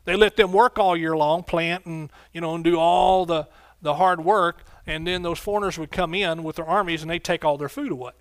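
A man's voice: high-pitched, fairly bright tone, dry recording, studio quality. A man preaching a sermon as pastor, fervent and exclaiming, calling out to his congregation. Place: church sanctuary.

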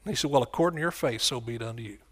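A man preaching a sermon, swinging from quiet, low lines to loud, shouted ones. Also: rapid-fire. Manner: impassioned, rising to shouts and dropping low.

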